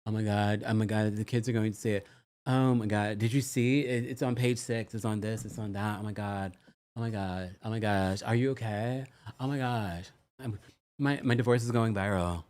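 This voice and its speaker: A man's voice: lowish voice, fairly even intonation, moderate pace, a little mellow, natural voice. A man doing an impression of a frantic, phone-obsessed reality-star woman, fretting in breathless repeated exclamations. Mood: fretful.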